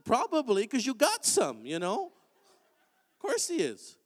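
A man preaching a sermon in a church, in an animated, conversational way. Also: very high voice, slow pace. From Canada. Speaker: pastor. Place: church sanctuary. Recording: long hall reverb.

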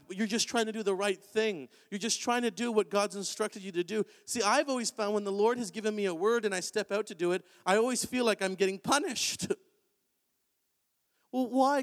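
A man preaching a sermon in a church, in an animated, conversational way. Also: sits high. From Canada. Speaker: pastor. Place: church sanctuary. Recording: long hall reverb.

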